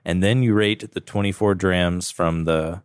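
A man's voice: low voice, unhurried, clear, resonant tone, no echo, studio quality. A man co-hosting a podcast, chatting casually and joking while he tastes and rates whiskey. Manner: relaxed, joking, rating whiskey aloud. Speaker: podcast co-host. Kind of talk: casual chat.

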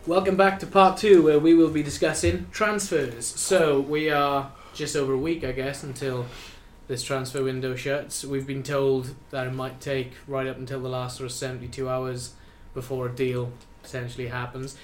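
A man hosting a talk show, moving briskly through segments and putting questions to his guests. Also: mid-range voice, flat delivery. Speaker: host. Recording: roomy echo with faint background noise.

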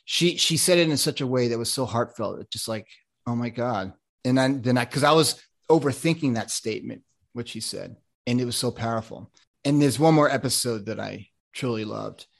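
A man's voice: medium pitch, normal speed, gravelly. Rambling, enthusiastic American man. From United States. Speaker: podcast guest, ADHD coach. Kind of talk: casual interview chat.

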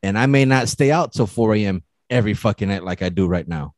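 A man's voice: lowish voice, quick pace, dry recording. A man in casual chat, telling stories with lots of swearing and acting out what people said. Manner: animated storyteller, profane, acts out quotes.

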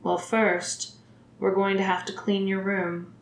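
A woman's voice: mid-range voice, fairly even intonation, moderate pace, slight background noise, natural voice. A woman voicing a cool, clinical female asylum doctor who speaks in a formal, detached way. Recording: roomy echo.

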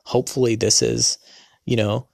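A man's voice: medium pitch, level tone, normal speed, creaky, darkish tone, dry recording, studio quality. A man in his thirties telling a personal story to his audience, rambling, with many fillers and restarts. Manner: rambling, full of fillers and self-corrections.

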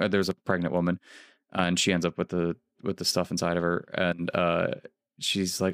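A man's voice: sits low, steady tone, moderate pace, dry recording. A man co-hosting a casual podcast chat, rambling and playfully acting out quotes. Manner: rambling, restarts often, playful quoting. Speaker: podcast co-host.

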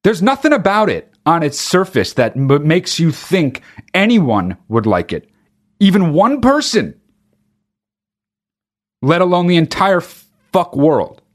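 A man on a comic tirade, swearing freely and sounding exasperated. His voice sits a bit high and swings widely up and down as he rants, now and then breaking into mock singing. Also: wildly swooping pitch, slow pace. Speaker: comedian. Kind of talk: stand-up style comic rant.

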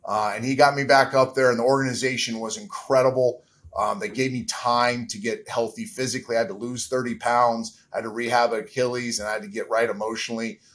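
A man's voice: mid-range voice, level tone, brisk, a bit bright. A middle-aged man speaking as an interview guest, candid and reflective, his voice catching with emotion at times. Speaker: interview guest, former quarterback.

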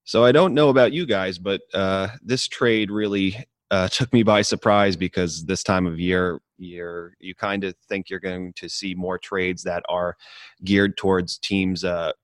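A man guest on a podcast, asking a question in a measured, hesitant way with many fillers. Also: low-pitched, steady tone, no room sound. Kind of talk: casual podcast interview.

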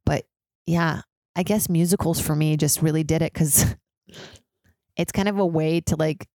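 A woman's voice: low-pitched, fairly even intonation, measured pace, warm tone, dry recording. A young woman hosting a solo podcast, rambling and profane, with many "like" fillers. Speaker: podcast host. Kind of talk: casual solo podcast monologue. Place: high-rise apartment with street sirens outside.

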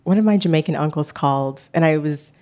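Mulher de voz grave, pensativa e hesitante. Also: female voice, low-pitched, fairly quick, dark tone. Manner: thoughtful, hesitant, many fillers. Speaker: podcast host guest. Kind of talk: interview answers.

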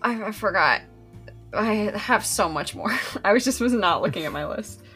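Chatty woman with a bright voice. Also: mid-range voice, animated, normal speed, soft background music. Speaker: player. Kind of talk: casual tabletop game chat.

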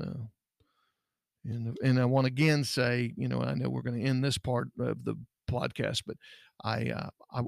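A middle-aged man hosts a podcast with a gravelly, creaky voice. He talks in a folksy, earnest way and often restarts his sentences. The sound is close and dry. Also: medium pitch, no echo. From Texas. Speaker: podcast host, private investigator. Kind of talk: casual podcast talk.

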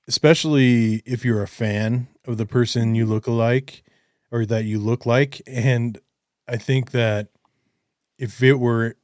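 A male interviewer asks questions and cheers his guest on with short affirmations. His voice is smooth and resonant at a middle pitch. The sound is dry, with no room around it. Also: no room sound. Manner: encouraging, reacts with short affirmations. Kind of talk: conversational interview.

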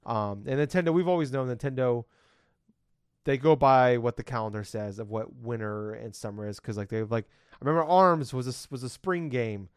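A man's voice: mid-range voice, moderate pace, smooth, dry recording, clean studio sound. Profane rambling male podcast host. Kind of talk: casual podcast chat.

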